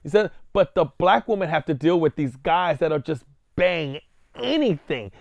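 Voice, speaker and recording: A man hosting his own vlog, ranting in a blunt, crude, provocative monologue with sudden jumps in pitch. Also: lively intonation, moderate pace, gravelly, no echo, highs cut off. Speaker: vlog host.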